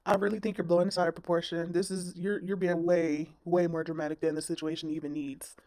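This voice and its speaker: A woman's voice: fairly low pitch, little pitch movement, quick pace, a little mellow, dry recording. A woman commentator ranting bluntly in a reaction video, scolding and swearing.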